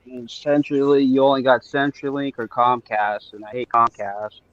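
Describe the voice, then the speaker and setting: A man's voice: medium pitch, steady tone, moderate pace, fairly bright tone, dry recording, dull audio. A man from Eastern Washington chatting casually on a livestream, easygoing and sarcastic, often trailing off and restarting. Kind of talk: casual chat.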